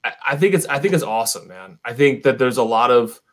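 A man's voice: medium pitch, animated, fast. Tipsy, chummy man on a livestream. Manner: enthusiastic, chummy, calls people buddy. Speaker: whiskey YouTube co-host, guest. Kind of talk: casual livestream chat.

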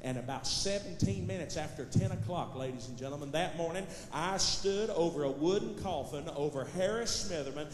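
Man, stand-up storyteller, high voice, echoey hall, long reverb. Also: brisk, few pauses, background noise. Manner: folksy Southern storyteller, building to loud punchlines. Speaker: gospel comedian telling a story on stage. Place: large hall with live audience.

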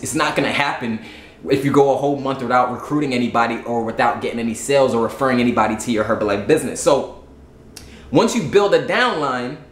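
A man with a Southern US accent and a mid-range voice, recorded with a roomy sound, gives a casual explainer monologue as a YouTube host laying out a sales plan. Blunt and salesy, he keeps repeating "right?" and "you get what I'm saying."

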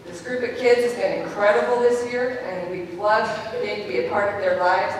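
A woman's voice: mid-range voice, brisk. A woman preschool teacher giving a speech at a school program, telling stories and acting out what the children said. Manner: animated storytelling, acting out children's lines. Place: large hall at an evening event. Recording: echoey hall from far off, faint room noise.

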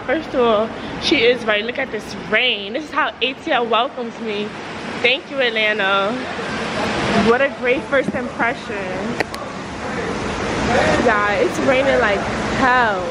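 A young woman vlogging on a trip, chatting straight to her viewers in a slangy, easygoing way while holding a camera. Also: on the high side. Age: young adult. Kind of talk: casual vlog chat. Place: travelling through an airport, plane and hotel room. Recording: noisy background.

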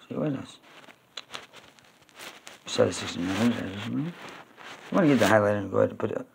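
A man from New York talking to camera in a rambling, repetitive way, now and then breaking into loud, high-pitched pleading. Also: creaky, background noise. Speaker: video blogger.

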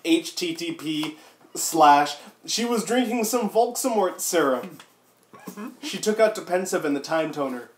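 A man reads aloud in an over-the-top comic style, switching into silly voices and breaking off to comment. His voice sits a bit high and his throat is sore from a week of coughing. The room around him is echoey. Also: animated, a little slow. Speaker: comedic reader. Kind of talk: mock dramatic reading with friends.

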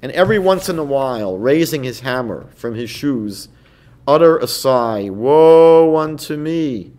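A rabbi giving an evening lecture, teaching in a conversational way, telling stories and reading passages aloud. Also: male voice, mid-range voice, lively intonation, moderate pace. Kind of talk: evening lecture in a seminar series.

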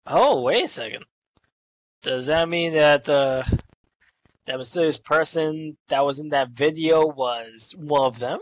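A commentator calling a virtual wrestling show in casual play-by-play, excitable and swearing freely. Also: medium pitch, dry recording. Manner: excitable, swearing, quick asides.

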